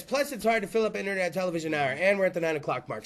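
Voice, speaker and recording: A man hosting a casual talk show, loud and animated, swearing freely. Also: high voice, rapid-fire, hardly any pauses. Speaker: podcast host. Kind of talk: casual chat.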